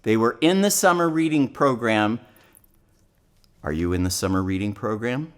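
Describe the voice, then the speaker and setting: At a public library event, a children's entertainer runs an interactive show full of playful call-and-response. His voice is mid-range at a normal speed, and he makes big upward swoops for effect.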